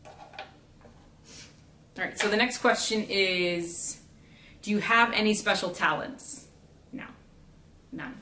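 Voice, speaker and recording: A woman's voice: mid-range voice, slow pace, pauses often, sharp tone. A young woman from South Florida chatting casually, rambling with lots of fillers while she builds a gingerbread house. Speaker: vlogger. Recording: echoey room, faint background hiss.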